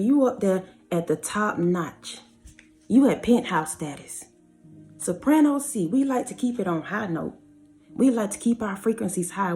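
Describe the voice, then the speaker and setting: A woman's voice: mid-range voice, dark tone. A woman giving emphatic, preachy spiritual reading commentary, drawing out her phrases. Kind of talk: spiritual reading commentary over song lyrics.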